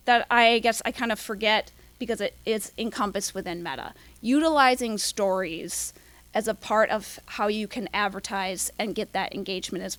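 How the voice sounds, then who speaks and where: Young woman, workshop presenter, higher voice, quick, lots of fillers, dry close sound. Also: a bit bright, no room sound. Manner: quick, filler-heavy, apologizes for talking fast.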